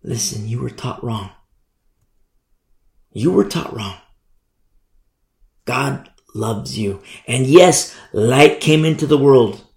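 A man preaching, voicing a gentle male messenger who softly coaxes a lost young woman. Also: mid-range voice, sing-song, moderate pace, long pauses. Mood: coaxing. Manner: coaxing, soft, pleading. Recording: echoey room.

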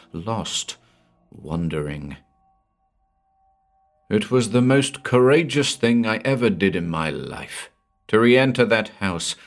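A man narrating a horror story in a measured, brooding audiobook style. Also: lowish voice.

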